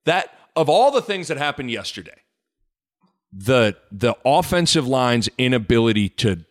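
A man hosting a casual sports podcast, animated and joking, with rambling asides. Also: mid-range voice, moderate pace. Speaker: podcast host.

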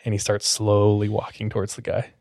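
Low-voiced man telling a scary story. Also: brisk, no echo, studio quality. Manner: relaxed, fills speech with "like". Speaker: podcast host. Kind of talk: casual storytelling.

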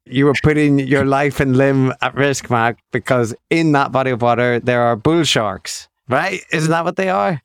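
A man's voice: medium pitch, normal speed, hardly any pauses, clear, resonant tone, dry recording, clean studio sound. A man co-hosting a podcast in casual chat, playful and teasing, spinning small things into mock drama. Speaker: podcast co-host.

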